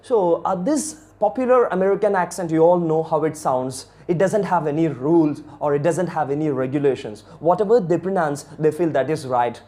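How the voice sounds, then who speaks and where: A man's voice: on the high side, normal speed, hardly any pauses, dark tone. A man with an Indian accent giving a chatty video lesson on English accents, talking straight to viewers with many fillers.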